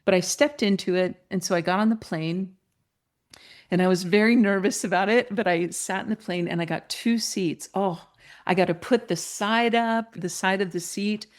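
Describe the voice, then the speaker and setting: A woman guest, a mentor and coach, telling a personal story in an interview, animated and laughing, her pitch jumping up when she gets excited. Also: moderate pace.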